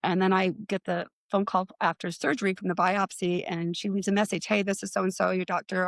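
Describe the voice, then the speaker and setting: A middle-aged woman tells her story in a casual, animated way and keeps slipping into the voices of the people in it. Her pitch sits in the middle for a woman. The recording is close and dry. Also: a little fast, creaky, no room sound. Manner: animated, acts out quoted voices with rising pitch. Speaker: guest.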